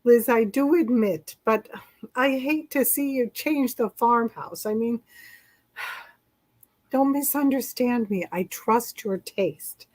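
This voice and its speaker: A woman playing a gentle, fluttery wife. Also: on the high side, slow pace. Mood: wistful. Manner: soft, fluttery, wistful. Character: gentle, sentimental wife of the judge. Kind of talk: live script reading.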